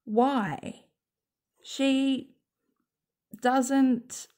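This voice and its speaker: A woman with a croaky voice rambling sarcastically at home while smoking, as a YouTube commentator. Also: sits high, fairly even intonation, very slow, warm tone. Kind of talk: rambling casual monologue.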